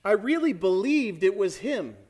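A man's voice: high voice, very animated, moderate pace, a little mellow, voice pushed up. A man voicing an ashamed, earnest young girl as he reads a storybook aloud, his voice lifting as the lines tumble out. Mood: remorseful. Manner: tumbling, pleading storybook reading.

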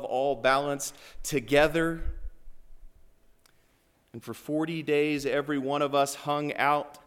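A man preaching a sermon, retelling the story as if he were there, swinging from loud passion to hushed awe. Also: mid-range voice. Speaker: pastor.

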